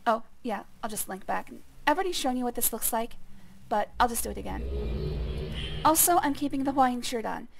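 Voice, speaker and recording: A woman streamer with a gravelly, phlegmy voice, chatting casually and explaining as she plays a game. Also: on the high side, a little fast. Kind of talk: casual let's-play commentary. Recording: clear steady background noise.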